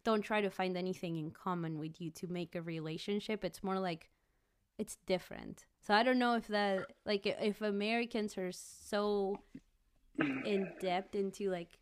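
A woman from Argentina co-hosts a podcast, talking in a relaxed way with many fillers. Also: mid-range voice, normal speed, clean tone. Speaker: podcast co-host. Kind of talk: conversational interview.

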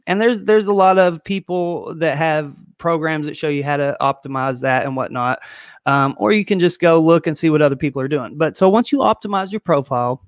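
A man coaching on online business in a casual livestream, excited and quick, with lots of fillers and restarts. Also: on the high side, dry recording, clean studio sound. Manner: excited, fast talker who skips points; filler-heavy, loose and conversational.

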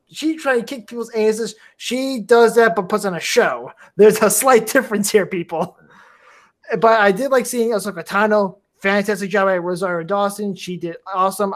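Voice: mid-range voice, normal speed. A podcast host in casual fan chat, enthusiastic and rambling, often restarting phrases.

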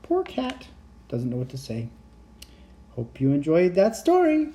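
A man's voice: a little high, huge pitch swings, moderate pace, mellow, a little hiss or hum. A man hosting a bedtime story, reading a picture book aloud with playful animal noises and chatty asides.

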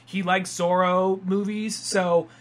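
A man hosting a casual podcast chat, rambling and acting out other people's lines in quick impressions. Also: high voice, flat delivery, a bit bright. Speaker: podcast host.

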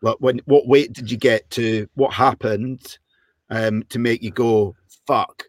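A man hosts a relaxed interview, talking slowly and searching for his words, restarting his questions as he goes. His voice sits mid-range and sounds close and dry. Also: mid-range voice, no room sound. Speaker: podcast host. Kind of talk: casual interview.

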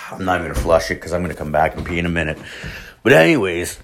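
A man telling a rambling anecdote in casual talk, swearing heavily and filling every pause with "like", partly from a bathroom. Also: deep voice, very animated, a bit bright, a little hiss or hum. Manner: rambling, heavy swearing, constant "like" fillers. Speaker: storyteller. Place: bathroom, mid-story.

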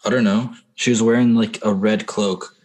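A man playing a jittery young tavern keeper in a tabletop game, slightly low voice, hesitant, evasive, full of fillers. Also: steady tone, normal speed, a little mellow, lightly acted. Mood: nervous.

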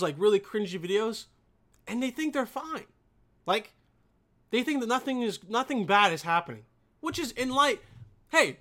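A man's voice: sits high, fairly bright tone. A young man vlogging, mocking cringe videos in a loose, profane, rambling way. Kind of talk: casual commentary on videos.

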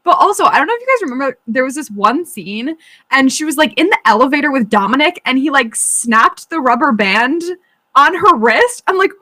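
A woman's voice: high voice, lively intonation, fairly quick, sharp tone, no echo. A woman chatting casually in a book discussion, laughing often and saying "like" a lot. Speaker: book club member.

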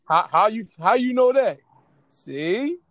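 A man co-hosting a casual podcast chat, talking in an animated way with laughs and teasing asides. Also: high voice, normal speed. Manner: animated, laughing, mocking impressions. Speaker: podcast co-host.

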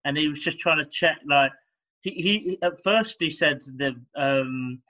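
A young man talks football over a laptop call, and the audio comes through dull and lo-fi. His voice is bright and slightly high. He speaks haltingly, restarting sentences and laughing at his own slips. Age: young adult. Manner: hesitant, stumbling, laughs at himself. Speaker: podcast co-host. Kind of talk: casual football podcast chat. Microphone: laptop on a video call.

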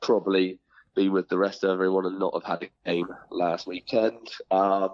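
A man's voice: low voice, little pitch movement, normal speed, no echo, highs cut off. A man, an assistant football manager, answering interview questions plainly and in a friendly way. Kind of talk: podcast interview.

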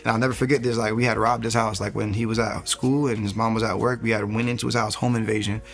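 A man in his thirties, appearing as an interview guest, shares his personal faith testimony earnestly and ramblingly, acting out the things he once said. His voice is fairly low, creaky and fairly bright, quick with little pitch movement.

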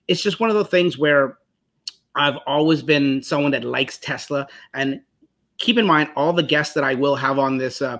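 A man's voice: on the high side, fairly bright tone. A man casually introducing his first podcast, chatty and loose, correcting himself as he goes. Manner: chatty, self-correcting, laughs easily. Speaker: podcast host.

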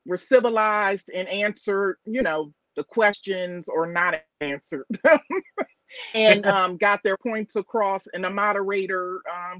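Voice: medium pitch, fairly bright tone, no room sound, highs cut off. A guest on a call, chatting casually and hesitantly, with fillers and restarts. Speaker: guest caller. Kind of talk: casual chat.

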